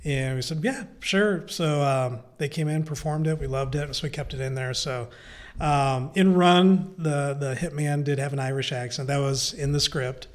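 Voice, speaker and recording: A middle-aged man from Iowa, a filmmaker guest telling stories in a relaxed, chatty way with frequent small laughs. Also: mid-range voice. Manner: relaxed storytelling with frequent chuckles. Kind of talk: casual interview.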